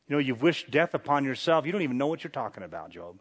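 A man's voice: mid-range voice, big pitch swings, fast, hardly any pauses, slightly rough. A man preaching a sermon, reading scripture dramatically and pressing rhetorical questions with chuckles. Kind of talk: sermon, Bible exposition.

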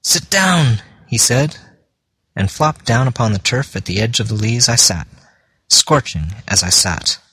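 A man reading a classic story aloud as an audiobook narrator, in a measured storytelling manner. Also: fairly low pitch, pushed and bright, breathy edge, no room sound. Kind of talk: scripted narration.

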